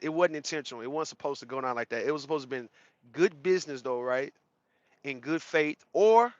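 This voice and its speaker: Forceful, blunt man on a livestream. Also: on the high side, no room sound, lo-fi sound. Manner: blunt, slangy and profane, greets chatters mid-rant. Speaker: livestream host. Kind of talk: casual livestream talk to chat viewers.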